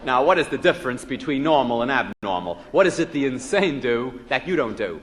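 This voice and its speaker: An American psychologist gives a humorous live lecture to an evening audience in a lecture hall, cracking jokes and quizzing listeners with rhetorical questions. His medium-pitched voice is very animated and fairly quick. It comes from a 1961 live lecture LP, with hall reverb and faint noise.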